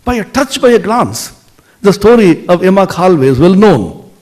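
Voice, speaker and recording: Guy with a pretty high voice giving a spiritual talk, tells stories, gets quiet for emphasis. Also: normal speed. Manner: expressive storyteller, drops to soft tones for emphasis. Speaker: spiritual lecturer. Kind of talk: spiritual lecture with storytelling.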